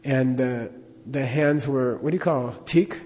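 A man's voice: mid-range voice, a little slow, darkish tone, big-room sound. Middle-aged man rambling through a story. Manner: rambling, chuckles often, many fillers. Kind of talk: personal anecdote.

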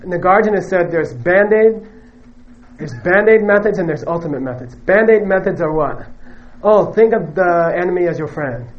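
A man's voice: sits high, animated, moderate pace, dull audio. A man giving a Buddhist teaching to a live audience, conversational and joking, who often stops to check in with "okay?" and "you know". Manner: joking, emphatic asides.

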